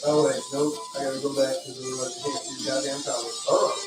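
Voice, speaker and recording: A man's voice: mid-range voice, flat delivery, fast talker. A man hosting a casual livestream, joking, cursing and reading out viewer comments. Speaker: livestream host. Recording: echoey room, mic far off, music behind.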